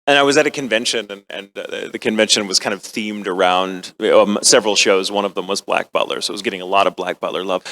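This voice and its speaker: A middle-aged American man with a bright, forward voice talks to a convention crowd about acting. He rambles, makes fun of himself and slips into playful quoted asides. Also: lowish voice, fast, hardly any pauses. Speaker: voice actor at a convention panel. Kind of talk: casual panel talk to fans.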